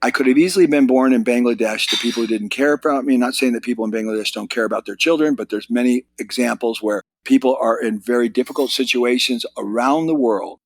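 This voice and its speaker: An American man in his sixties, a podcast guest telling stories in casual chat, his voice jumping up when he gets excited. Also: quick pace, hardly any pauses, husky, dry recording. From United States. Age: 60s. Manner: animated storyteller, pitch jumps when excited. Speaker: podcast guest, business author.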